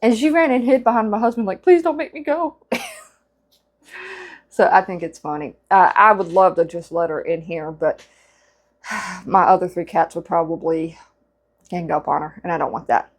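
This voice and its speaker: A woman's voice: on the low side, normal speed. A woman chatting casually to camera while crocheting, rambling with lots of fillers and restarts. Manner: chatty and rambling, with many fillers and self-corrections. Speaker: vlogger.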